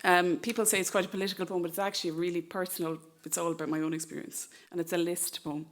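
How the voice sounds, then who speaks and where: An Irish woman poet giving a live poetry reading at a library event, reciting in a measured, emphatic way with pointed pauses. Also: lowish voice, flat delivery.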